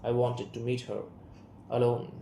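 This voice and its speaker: Male student reading a bitter young woman in a play, Indian English accent, slow and gravelly, roomy room with faint hiss. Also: mid-range voice, level tone, mellow. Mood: earnest. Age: young adult. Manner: reads character names and stage directions aloud. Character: young woman, sharp, resentful, fragile. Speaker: student reader. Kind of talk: reading an audio play aloud.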